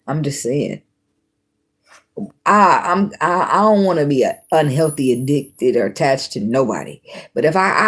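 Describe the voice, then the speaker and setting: A woman with a husky, breathy voice talks through a tarot reading in a loose, casual way. She is blunt and swears freely, laughing between her points. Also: sits low, a little mellow. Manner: blunt, profane and laughing often. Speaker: tarot reader.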